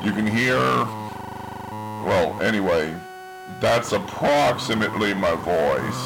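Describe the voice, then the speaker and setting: A man's voice: on the low side, expressive, slow pace, long pauses, music in the background. A man at a home workbench giving a casual hands-on electronics tutorial, with wry asides while he tinkers, sometimes heard through his breadboard microphone circuit. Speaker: electronics hobbyist demonstrating a circuit. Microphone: desktop mic, at times heard through a breadboard circuit. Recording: circuit distortion and synth tones behind.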